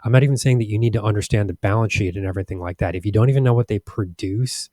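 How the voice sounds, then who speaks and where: A man's voice: on the low side, racing, warm tone, no room sound, clean studio sound. A man hosting a stock market channel, speaking frankly and with exasperation over charts, with many restarts and fillers. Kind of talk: casual commentary over charts.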